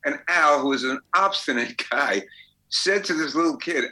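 Old songwriter guy, really bright voice, chatty and laughing through stories. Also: on the high side, lively intonation, moderate pace, poor audio. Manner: chatty storyteller, laughs as he talks. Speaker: songwriter guest. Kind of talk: anecdotal interview.

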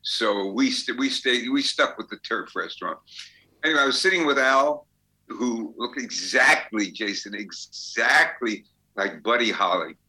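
An older songwriter telling rambling anecdotes in a casual interview. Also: male voice, medium pitch, measured pace, pushed and bright, rough recording. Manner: rambling anecdotes with fillers and restarts. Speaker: songwriter guest.

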